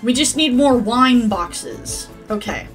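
A woman's voice: a little high, animated, slow pace, soft background music. A woman giving casual, rambling gameplay commentary, swearing freely as she plays. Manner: profane, rambling, chatty. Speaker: gaming channel host.

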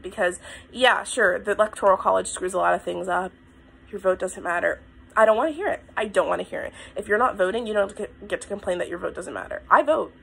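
A woman's voice: medium pitch, creaky, a bit bright, breathy edge. A woman vlogger from the United States talking straight to her camera, blunt and impassioned, at times tearful. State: tearful, crying. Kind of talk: emotional talk to camera. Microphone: phone or camera mic.

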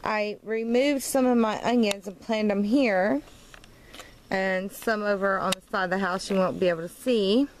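A woman's voice: mid-range voice, moderate pace, low-quality recording. Woman, casual vlog, tipsy and slurred, rambling, frustrated, handheld camera outdoors, faint background noise. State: tipsy, slightly slurred from wine. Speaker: vlogger. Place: at home and outdoors in her yard.

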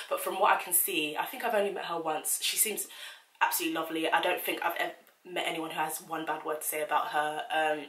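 Girl in her 20s chatting frankly on her vlog, lowish voice, kinda echoey room. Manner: chatty, frank, animated retelling. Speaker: YouTuber. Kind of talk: casual commentary vlog. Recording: roomy echo.

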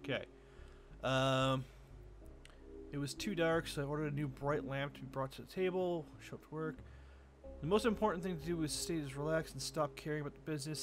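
A young man commenting on a game as he plays, excitable, swearing and laughing often. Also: fairly high pitch. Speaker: gaming video host. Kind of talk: let's play commentary. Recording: game music playing behind.

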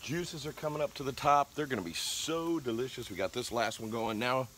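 A man, hoarse from a cold, chatting enthusiastically to viewers in a casual cooking vlog. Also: medium pitch, a little fast, a bit bright, slight background noise. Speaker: cooking vlogger. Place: backyard grill and home kitchen.

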